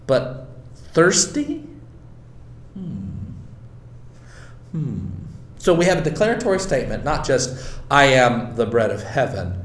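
A man teaching a Bible study, reading scripture aloud slowly and then explaining it with deliberate emphasis. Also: lowish voice, roomy sound.

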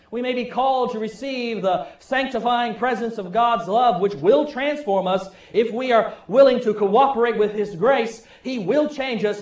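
A middle-aged man preaching a sermon, telling wry stories and praying, with his loudness rising and falling. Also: sits high, reverberant. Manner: storytelling, wry, varies loudness widely. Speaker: pastor. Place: church sanctuary.

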